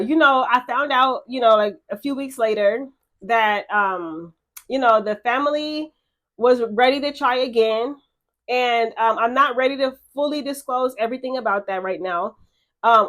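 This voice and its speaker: A woman's voice: fairly high pitch, fairly bright tone. A young woman talking in a casual confessional vlog, chatty and emotional, full of fillers and repeated words, frank and blunt. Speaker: vlogger.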